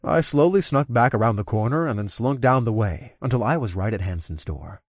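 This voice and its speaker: A man giving steady, conversational first-person audiobook narration. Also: fairly low pitch, brisk, no room sound, studio quality.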